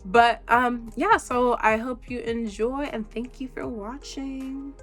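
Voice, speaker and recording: A woman with a slightly higher voice gives a casual, motivational vlog talk. She sounds upbeat and encouraging, and chats loosely with plenty of laughs. Soft music plays faintly underneath her. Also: steady tone, slow. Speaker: vlogger.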